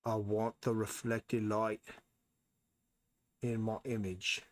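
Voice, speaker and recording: Lowish-voiced guy rambling on a drawing stream, blunt, kinda talks to himself. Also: little pitch movement, slow, dry recording. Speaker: artist streaming a drawing session. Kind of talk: casual live-stream talk while drawing.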